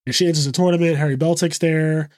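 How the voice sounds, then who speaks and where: A man's voice: fairly high pitch, fairly even intonation, quick pace, darkish tone, no echo, clean studio sound. A man co-hosting a podcast, recapping a show in a loose, profane way and acting out the characters' lines. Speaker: podcast co-host.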